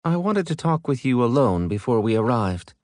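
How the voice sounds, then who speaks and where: A man's voice: medium pitch, sing-song, moderate pace, darkish tone, no room sound, clean studio sound, voice pushed up, close to an everyday voice. A man voicing a stern woman naval commodore in an audiobook, formal and insistent. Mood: earnest.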